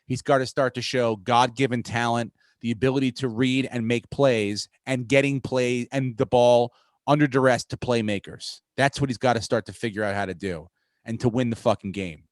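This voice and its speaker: A man hosting a podcast, talking sports in a profane, rambling, excitable way. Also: mid-range voice, normal speed, no echo. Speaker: podcast host. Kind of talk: casual sports chat.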